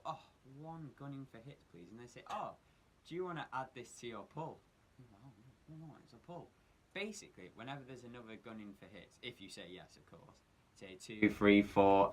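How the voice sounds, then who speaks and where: A man's voice: on the low side, a little hiss or hum. A man co-hosting a radio show about comics, rambling in casual chat, correcting himself and laughing often. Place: radio studio.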